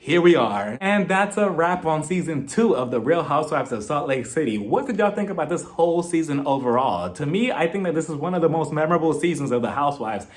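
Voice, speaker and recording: A man's voice: a little high, lively intonation, fairly quick, hardly any pauses. A young man recapping a reality show in a chatty, gossipy way, often laughing. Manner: chatty and gossipy, with frequent laughs and mock impressions. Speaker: YouTube TV reviewer.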